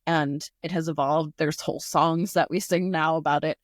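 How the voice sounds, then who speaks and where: A woman's voice: deep voice, moderate pace, dry recording, clean studio sound. A woman who teaches, chatting casually and telling a classroom story with lots of fillers. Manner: animated storyteller, many "like" fillers. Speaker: podcast co-host, teacher.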